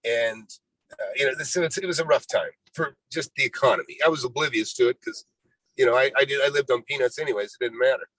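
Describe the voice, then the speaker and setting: A man's voice: mid-range voice, fast, fairly bright tone, no room sound, rough recording. Rambling older man telling his story. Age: 60s. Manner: rambling, full of "you know", acts out quoted dialogue. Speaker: real estate investor guest. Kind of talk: storytelling interview.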